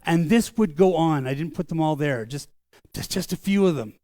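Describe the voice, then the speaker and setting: An older man preaching a sermon as pastor, earnest and conversational, slowing down for solemn lines. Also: on the high side, dark tone, no room sound, studio quality. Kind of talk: sermon storytelling. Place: church sanctuary.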